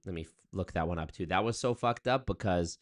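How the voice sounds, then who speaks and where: A young streamer reacts to his chat, rambling and swearing as he talks loosely with viewers in a casual livestream. His voice is low-pitched and fairly quick.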